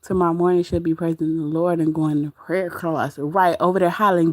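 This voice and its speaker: Brisk and lowish in pitch, this woman's voice comes through at studio quality with no echo. She's running a relaxed livestream, dishing gossip about a fellow streamer and frequently laughing while going through the chat.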